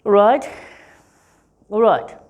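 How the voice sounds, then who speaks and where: A woman teaching English at a very unhurried pace, drawing out key words as she speaks. She keeps checking in with the listener, tossing in "okay?" and "right?" between points. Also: medium pitch, lively intonation, darkish tone, highs cut off. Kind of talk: slow, clear teaching talk.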